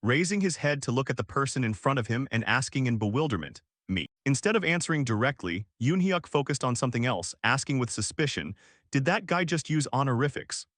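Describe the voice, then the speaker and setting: A man reading a scripted story recap as narrator, in a steady storytelling delivery. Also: mid-range voice, fast, hardly any pauses, dry recording, studio quality.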